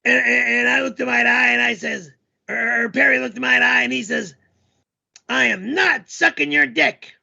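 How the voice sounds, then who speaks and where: Casting: a man doing a shrill, gravelly, bright, yelling male storyteller character, crude and rambling, dull lo-fi stream audio. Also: fairly even intonation, normal speed, exaggerated voice.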